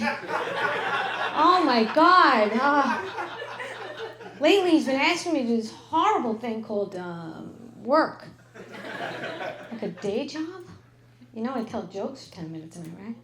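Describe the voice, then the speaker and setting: A middle-aged woman does stand-up on a club stage, speaking into a handheld mic in a slightly high voice. Her set is brash and crude, delivered deadpan, with exaggerated voices for the people she quotes. The recording has a roomy club sound.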